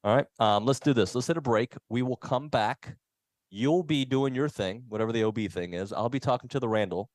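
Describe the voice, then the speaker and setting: A man's voice: medium pitch, a little fast, dry recording. A man hosting a sports radio show, chatting casually and reading listener texts and live ad copy. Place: radio studio.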